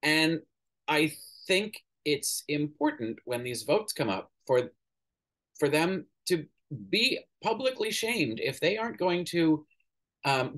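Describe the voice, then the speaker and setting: A man giving casual, opinionated political commentary as a podcast host, pausing often with fillers and swearing now and then. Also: fairly high pitch. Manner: opinionated, hesitant with many ums, swears casually.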